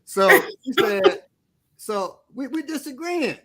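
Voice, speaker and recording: A man's voice: very high-pitched, slow pace, crowd noise. A middle-aged man co-hosting a casual talk show, telling funny stories animatedly and laughing often. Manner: animated storyteller, laughs a lot. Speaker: podcast co-host. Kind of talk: casual chat.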